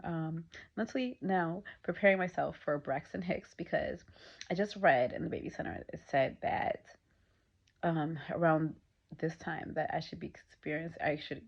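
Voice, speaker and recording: A pregnant woman in her thirties chatting casually to camera in a vlog, laughing often and dropping into breathy asides. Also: low-pitched. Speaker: vlogger. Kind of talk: casual chat. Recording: dull lo-fi sound.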